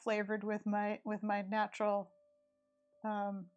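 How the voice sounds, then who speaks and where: A woman's voice: mid-range voice, monotone, slow, clean tone, lo-fi sound. A woman with a rural East Tennessee accent, chatting casually and thinking aloud while she draws on a live stream. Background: faint background music.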